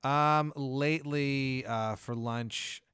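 A man in a casual comedic chat, laid-back and amused, often halting with fillers. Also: medium pitch, steady tone, a bit bright, clean tone, no room sound, studio quality.

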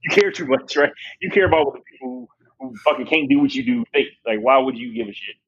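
A young man hosting a podcast, chatting casually with a guest, animated and swearing freely. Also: medium pitch, fast talker, slightly rough, highs cut off. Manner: animated, swearing, laughing often. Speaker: podcast host. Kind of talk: casual chat.

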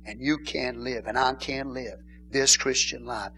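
A middle-aged male pastor, preaching in a joking, animated way and calling out to the congregation. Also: medium pitch, moderate pace, vocal fry, slight background noise. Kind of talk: sermon.

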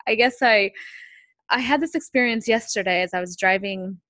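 A woman's voice: mid-range voice, normal speed, bright, forceful tone, no room sound, studio quality. A woman from Southern California, a podcast co-host, chatting casually and gushing enthusiastically.

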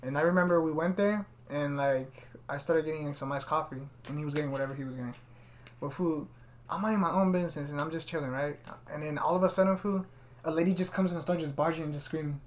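A man's voice: a little high, quick pace. A man hosting a casual podcast, telling stories in a laid-back, slangy way. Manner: slangy, laid-back, keeps saying "fool". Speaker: podcast host. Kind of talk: casual chat, storytelling.

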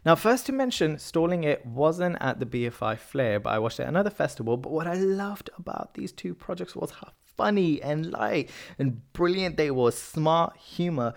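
A man's voice: a little high, sing-song, moderate pace, creaky. A man hosting a solo podcast, talking casually and enthusiastically about recommendations, often correcting himself mid-sentence. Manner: enthusiastic, chatty, self-correcting. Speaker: podcast host.

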